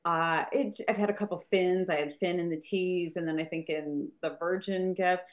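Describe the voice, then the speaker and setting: A woman's voice: on the low side, steady tone, normal speed. Giggly woman author being interviewed. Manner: giggly, apologetic, rambling. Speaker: author and guest. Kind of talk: casual interview chat.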